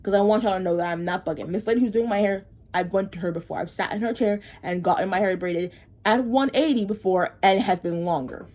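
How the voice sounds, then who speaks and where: A woman's voice: medium pitch, fast talker, darkish tone. Rambling, frustrated woman vlogger. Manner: chatty, rambling, repeats phrases for emphasis; frustrated, venting. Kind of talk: casual storytime while getting ready.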